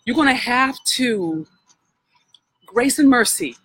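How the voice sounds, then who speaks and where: A woman's voice: on the high side, animated, measured pace, pauses often, pushed and bright, husky, poor audio. A woman coach giving a heartfelt, preacher-like healing talk on a live stream, speaking directly to her listeners. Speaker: spiritual wealth coach.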